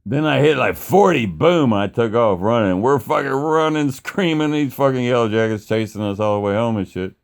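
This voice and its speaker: A man's voice: mid-range voice, normal speed, creaky, hardly any pauses. A man telling a story casually, rambling and swearing, with plenty of fillers. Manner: rambling and profane, with many fillers and acted-out quotes.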